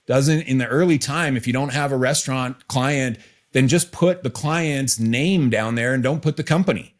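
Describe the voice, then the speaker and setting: A man hosting a podcast, giving business advice in a relaxed, teasing way and repeating key phrases. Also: medium pitch, moderate pace. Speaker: podcast host.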